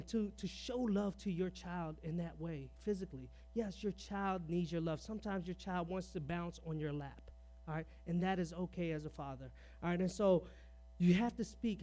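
A man's voice: high voice, mellow. A man preaching a sermon on parenting, firing off rhetorical questions, dropping "all right" between points, and sharing personal stories in an earnest, conversational way.

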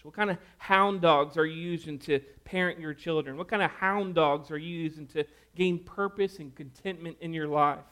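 A pastor delivers a relaxed, story-driven sermon in a fairly high voice. His tone is folksy and conversational, and it turns hushed and earnest in prayer.

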